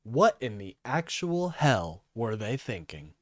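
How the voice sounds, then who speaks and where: A man's voice: mid-range voice, very animated, slow pace, no echo, clean studio sound. A man live streaming commentary, ranting and swearing in exasperation.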